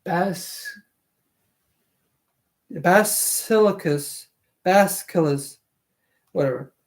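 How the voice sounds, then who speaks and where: Slow live stream book reader, trips over big words, keeps correcting and chatting between lines. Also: medium pitch. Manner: stumbles over hard words and self-corrects aloud. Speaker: streamer reading a novel aloud.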